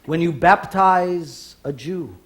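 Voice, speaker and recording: A man's voice: fairly high pitch, slow. A man performing live stage comedy in a TV studio, telling jokes with careful punchline timing.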